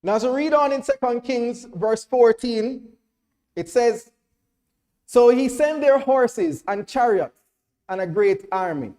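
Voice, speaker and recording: A Jamaican man preaching a sermon to a congregation in church, checking that everyone follows and rising to loud, emphatic declarations. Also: sits high.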